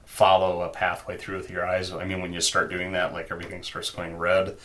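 A man's voice: low voice, monotone, a little fast, sharp tone, a little hiss or hum. A man narrating as game master in a tabletop game, loose and chatty. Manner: loose and chatty, many fillers.

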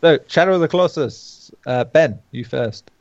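A man's voice: a little high, normal speed, darkish tone, dry recording, lo-fi sound. A man hosting a casual gaming podcast, joking, laughing and swearing a lot. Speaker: podcast host.

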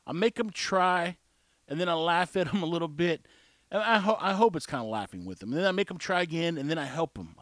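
A man rambles through his opinions in a casual solo talk, chuckling at his own jokes as he goes. His voice sits a little high for a man. The sound is dry and close, with no room behind it. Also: a bit bright, no echo.

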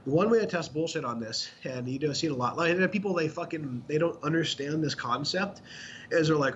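A man's voice: medium pitch, fast, fairly bright tone. A man co-hosting a podcast in casual chat, explaining bluntly with lots of profanity. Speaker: podcast co-host. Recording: dull lo-fi sound with faint noise.

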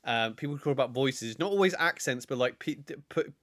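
A man's voice: medium pitch, animated, brisk, a bit bright, dry recording, clean studio sound. A man co-hosting a podcast, giving earnest advice in a casual chat and often restarting his sentences. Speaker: podcast co-host.

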